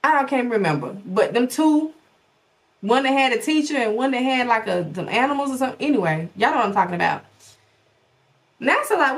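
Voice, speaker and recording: A woman's voice: fairly high pitch, animated, moderate pace, fairly bright tone. A woman hosting a podcast in casual commentary, sassy and dramatic, rambling with rhetorical questions. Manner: dramatic, exaggerated storytelling. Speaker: podcast host.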